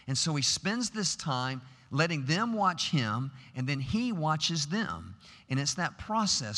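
A man's voice: fairly high pitch, sharp tone. Emphatic male preacher in a reverberant chapel. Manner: earnest, emphatic, builds to rhetorical questions. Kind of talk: sermon. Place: large chapel. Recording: long hall reverb.

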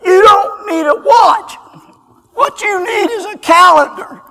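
A man voicing an elderly male deacon who speaks through a throat device, with a strained, high, raspy, clipped voice. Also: measured pace, long reverb tail, background noise, heavily acted. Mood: dry scolding.

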